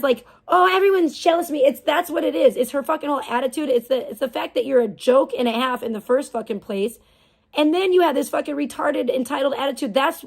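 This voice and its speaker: A woman streamer in the middle of an angry rant, swearing hard and dripping with contempt. Her voice sits a little high for a woman. She mocks as much as she talks. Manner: profane, scornful, mocking. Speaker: live streamer. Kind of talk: angry ranting live stream.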